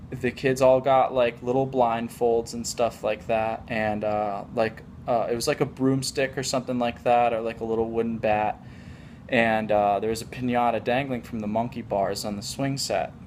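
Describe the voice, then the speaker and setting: A man's voice: lowish voice, a little mellow, a little hiss or hum. A young adult man telling a casual story in a rambling, mock-boastful way, full of filler words. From United States.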